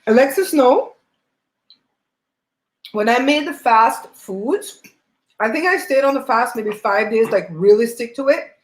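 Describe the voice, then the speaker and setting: A woman hosting a livestream, chatting and telling stories in an animated way while eating at home on a laptop mic. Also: fairly high pitch, unhurried, long pauses, roomy sound, rough recording. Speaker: host.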